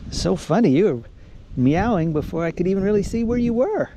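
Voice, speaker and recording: A man's voice: sits high, expressive, a little fast, noisy background. A man casually narrating a neighborhood walk, pointing out houses and cars and cooing to a cat. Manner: rambling, points things out, coos to a cat. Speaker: walking vlogger. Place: outdoors on residential streets.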